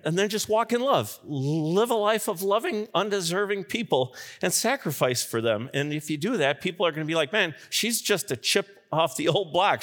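A middle-aged man preaching a sermon as pastor, his voice rising sharply at points of emphasis, with frequent chuckles mid-sentence. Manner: animated, with sudden rises in pitch and loudness.

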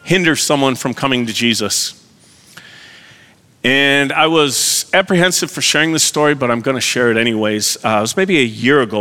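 Preacher guy talking to his church, folksy and plainspoken, bright tone, long hall echo. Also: mid-range voice. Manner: folksy, conversational, self-deprecating. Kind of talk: sermon.

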